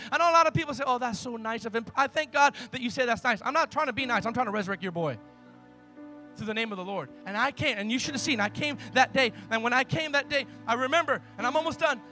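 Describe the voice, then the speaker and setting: A man preaching a sermon, telling stories emphatically, swinging from loud to hushed. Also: extremely high pitch.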